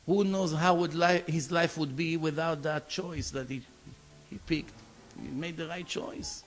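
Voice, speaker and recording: A man, a rabbi, telling a story in a sermon, animated and acting out the dialogue as he goes. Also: on the high side, unhurried, faint music behind.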